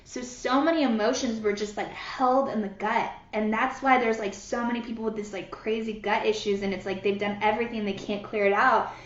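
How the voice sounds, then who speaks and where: Woman, fairly high voice, soothing guided healing talk, greets viewers, roomy lo-fi recording. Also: fairly even intonation, brisk, few pauses. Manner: soothing, greets viewers by name, many fillers. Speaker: energy healer leading a live group session. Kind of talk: live-streamed guided healing session. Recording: roomy, dull lo-fi sound.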